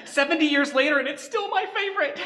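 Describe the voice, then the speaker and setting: A woman's voice: high voice, fast talker, bright, forceful tone. A woman voicing a fussy, flustered elderly male angel in an old-time radio play.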